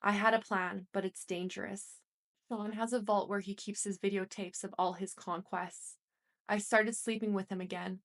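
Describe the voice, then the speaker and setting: A woman's voice: medium pitch, steady tone, moderate pace. Woman narrating a first-person audiobook.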